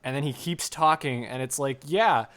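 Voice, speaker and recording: A man's voice: mid-range voice, normal speed, smooth. A man chatting casually on a podcast, talking in a middle register at an easy pace. He rambles along with plenty of ums and restarts while he recounts what he watched. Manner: rambling, animated storytelling with fillers. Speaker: podcast co-host. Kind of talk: casual chat.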